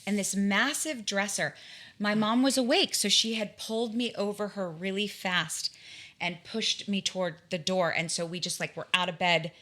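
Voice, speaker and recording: A woman in her forties with a bright, clear voice, speaking as an interview guest. She tells her stories in an animated, vivid way, restarting her sentences now and then as the details rush in. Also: medium pitch, moderate pace. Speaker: guest, tarot reader and spiritual guide. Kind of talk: conversational storytelling in an interview.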